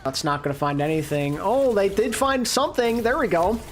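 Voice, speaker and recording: Excitable woman co-streaming esports. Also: mid-range voice, brisk, a little hiss or hum. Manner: excitable, reacting loudly to big plays; casual internet slang. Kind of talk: live esports co-stream commentary.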